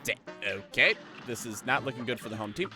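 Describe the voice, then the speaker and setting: Excitable, swearing male game streamer. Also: medium pitch, brisk, over music. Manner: excitable, swears often, thinks aloud about tactics. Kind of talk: live gameplay commentary.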